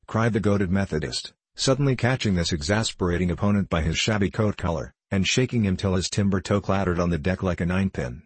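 A man narrates a classic novel in a measured, steady way. His voice is deep and husky, and the recording is dry and close with no room sound. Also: no echo. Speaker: audiobook narrator. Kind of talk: scripted narration.

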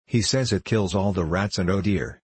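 A man's voice: deep voice, normal speed, slightly rough, no room sound. A man voicing a curious, polite young girl who chatters eagerly and tends to ramble on. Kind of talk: audiobook character reading.

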